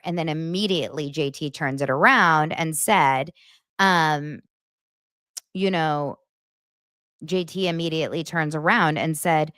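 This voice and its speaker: A woman's voice: low-pitched, measured pace, long pauses, fairly bright tone, dry recording, studio quality. A woman in her thirties hosting a show, chatting casually and gushing with lots of fillers. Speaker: podcast host recapping reality TV.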